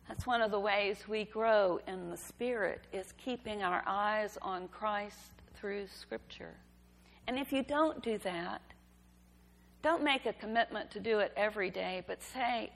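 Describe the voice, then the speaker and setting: A woman giving a sermon, telling a story in a gentle, unhurried way. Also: mid-range voice, vocal fry. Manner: slow, gentle storytelling delivery. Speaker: preacher. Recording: reverberant hall.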